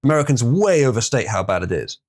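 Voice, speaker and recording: A man's voice: mid-range voice, very animated, quick pace, a little mellow. A man hosting a live stream, chatting casually and reading viewer comments, rambling and opinionated with frequent ums. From Britain.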